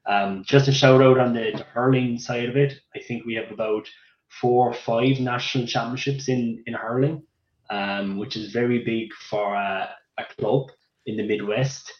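A man's voice: medium pitch, steady tone, normal speed, echoey room, lo-fi sound. A man from Cork with an Irish accent, chatting as a radio guest with many fillers and restarts. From Ireland. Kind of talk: casual radio interview.

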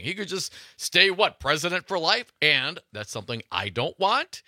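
A man co-hosting a call-in talk radio show, chatty and quick to laugh, cutting in on callers. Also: fairly high pitch, big pitch swings, sharp tone, no room sound, clean studio sound.

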